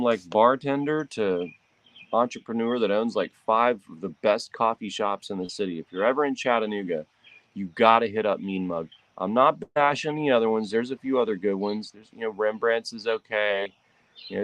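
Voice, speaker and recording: A man's voice: sits low, a little hiss or hum. A man, an author who hosts his own vlog, chatting casually and rambling outdoors under a tree. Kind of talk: casual morning chat. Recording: outdoor recording with loud birdsong.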